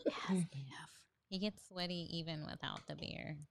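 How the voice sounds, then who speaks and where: A woman sits in on a casual chat as co-host. Her voice sits on the low side, and she adds short, amused remarks. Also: normal speed, creaky. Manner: brief, amused interjections.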